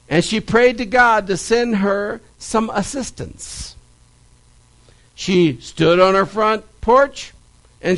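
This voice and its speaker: A male preacher speaks in a high, lively voice that rises and falls widely. He talks slowly and leans on repeated phrases for emphasis. He delivers a sermon and Bible study in a church. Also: poor audio. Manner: animated storytelling, stressed repetitions.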